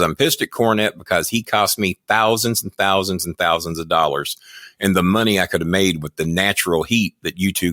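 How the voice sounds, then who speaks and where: Older American man, former wrestling manager, profane, boastful, bright lower voice, dry close sound. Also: dry recording. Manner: profane, boastful, rambling anecdotes. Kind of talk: casual storytelling chat.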